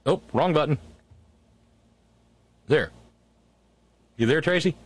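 A man hosting a call-in radio show, relaxed and wry as he reads notes and thanks listeners. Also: fairly high pitch, takes it slowly, husky, no echo. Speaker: radio talk show host.

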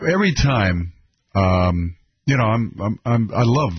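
A man hosting a call-in radio show, rambling and halting, with many fillers and restarts. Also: on the low side, lively intonation, breathy edge, muffled recording. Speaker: radio talk show host.

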